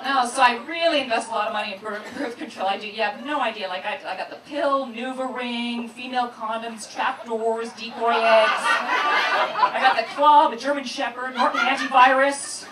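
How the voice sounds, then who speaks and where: A woman doing a brash, self-mocking stand-up comedy set on a club stage, recorded from a distance in a roomy room with a loud crowd. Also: a little high, fairly even intonation, normal speed, heavy background noise. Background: audience laughter.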